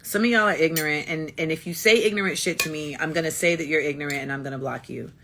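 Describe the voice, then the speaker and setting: A woman talking straight into her phone on a live stream, blunt and emphatic, circling back to say the same thing twice. Her voice sits fairly low yet sounds bright and forceful. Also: quick pace, slight background noise. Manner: blunt and emphatic, repeats points. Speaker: livestream host. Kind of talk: casual livestream monologue.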